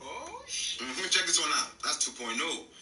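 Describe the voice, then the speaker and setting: A woman's voice: low voice, brisk, pushed and bright. A woman bantering in a comic skit as a reluctant, teasing sidekick. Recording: roomy sound from a distant mic, music behind.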